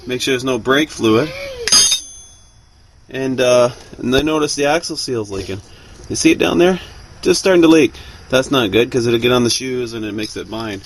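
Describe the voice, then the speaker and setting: Rambling DIY mechanic man, outdoors. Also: medium pitch. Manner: relaxed, rambling, full of ums and uhs while working. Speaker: DIY mechanic showing truck repairs. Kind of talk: casual how-to demonstration. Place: outdoors beside a truck, away from the house. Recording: noisy outdoor recording.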